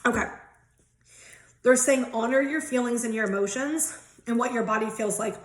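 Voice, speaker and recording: Uma mulher de uns trinta e poucos anos faz uma leitura de cartas espirituais em tom de conversa, falante, risonha e com palavrões soltos. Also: female voice, a little high, moderate pace, roomy sound. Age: 30s. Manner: chatty, giggly, swears casually. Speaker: tarot and angel card reader. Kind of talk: casual spiritual card reading.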